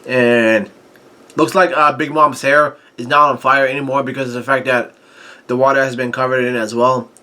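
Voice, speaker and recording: Bright-voiced man recapping a manga, halting. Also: medium pitch, flat delivery. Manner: halting, many restarts and self-corrections. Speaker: manga reaction host.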